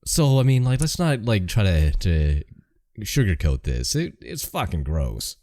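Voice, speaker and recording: Man, podcast co-host, blunt and sardonic, very deep dark voice, lively pitch. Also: unhurried, no room sound, studio quality. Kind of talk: casual chat.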